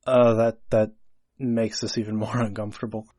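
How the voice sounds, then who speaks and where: A man's voice: lowish voice, little pitch movement, moderate pace, dark tone, dry recording. Chatty, analytical man on a dry mic. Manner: chatty and analytical, with hesitant fillers. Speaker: podcast co-host. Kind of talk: casual discussion of a film script.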